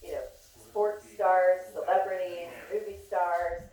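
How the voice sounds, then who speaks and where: A woman giving a motivational talk to a live audience as a business coach, animated and acting out dialogue, often asking "right?". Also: on the low side, slow pace. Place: large hall with an audience. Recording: echoey hall, voice from far off.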